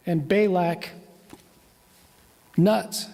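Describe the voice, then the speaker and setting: A man's voice: high-pitched, unhurried, darkish tone. A man preaching a sermon as a minister, retelling a story in a conversational, storytelling way. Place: church. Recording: long church reverb.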